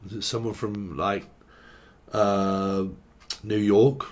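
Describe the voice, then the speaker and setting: A man's voice: on the low side, steady tone, slow pace, pauses often. A man from England giving a casual tarot reading. He rambles and swears as he follows one loose thought into the next. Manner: rambling, swearing, free-associating. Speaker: tarot reader.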